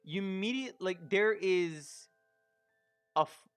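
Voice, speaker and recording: Bright-voiced man running a tabletop game. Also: high voice, lively intonation, slow pace, smooth, dry recording, faint music behind. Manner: hesitant narration with frequent ums. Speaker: game master.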